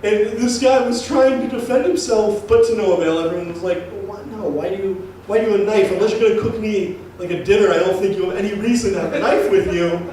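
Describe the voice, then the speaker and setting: A young man performing a stand-up comedy routine, telling a story in an animated way and acting out the people in it. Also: high voice, fast, few pauses, a little hiss or hum. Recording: roomy live venue, mic from a distance.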